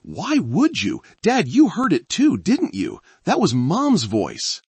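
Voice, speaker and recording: Guy putting on a scared teen girl, way higher than his own voice, husky, panicky. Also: huge pitch swings, unhurried, no room sound, exaggerated voice. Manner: panicky, high and strained. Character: frightened teenage girl, seventeen, pleading.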